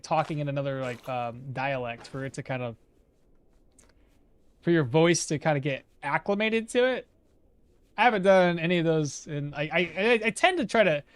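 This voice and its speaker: Chatty high-voiced male game streamer. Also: no echo. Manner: rambling, self-correcting, chatting with viewers. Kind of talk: casual gameplay commentary.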